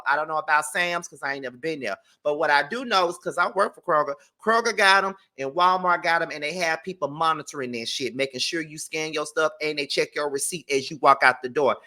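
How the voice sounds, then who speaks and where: A man's voice: a little high, bright, forceful tone. Blunt, profane man ranting on a commentary show. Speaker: commentary channel host. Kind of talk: casual commentary rant.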